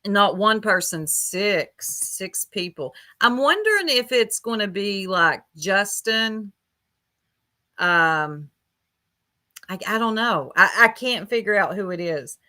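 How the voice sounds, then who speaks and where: A woman's voice: mid-range voice, expressive, slow, pushed and bright. A woman giving casual livestream commentary while reading chat aloud, blunt and gossipy, with casual swearing.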